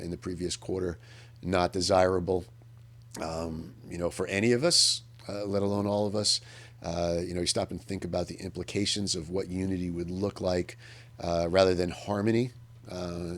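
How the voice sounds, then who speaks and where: Earnest low-voiced man commentating. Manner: earnest, emphatic, thinks aloud with frequent restarts. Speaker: radio host. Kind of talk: public affairs commentary monologue.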